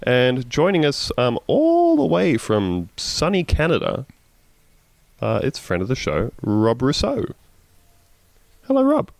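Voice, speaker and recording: A man hosting a casual comedy podcast, wry and deadpan, sounding tired. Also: mid-range voice, measured pace, creaky, no room sound. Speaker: podcast host.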